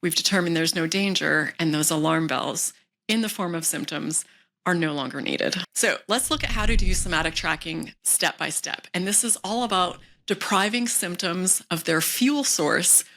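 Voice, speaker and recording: Gentle, reassuring woman coach. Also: fairly low pitch, moderate pace. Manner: calm, gentle, reassuring, drops into soft whispers. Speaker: wellness coach. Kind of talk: instructional talk to camera.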